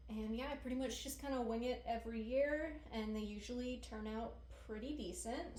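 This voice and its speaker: A woman's voice: a little high, a little hiss or hum. A woman vlogger chatting casually to camera while baking in her home kitchen, rambling and laughing often.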